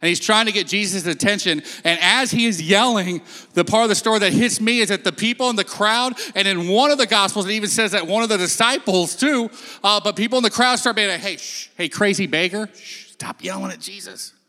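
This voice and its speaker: Guy preaching on stage, bright voice, kinda high, lots of hall echo, acts out the quotes. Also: quick pace. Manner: casual, storytelling, acts out quotes. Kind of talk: sermon-style talk. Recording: long hall reverb.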